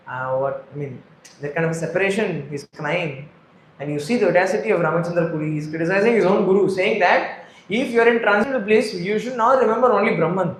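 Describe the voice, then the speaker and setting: High-voiced man teaching scripture. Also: fast talker. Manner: emphatic, repeating points, asks listeners "right?". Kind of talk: devotional scripture class. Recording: echoey room.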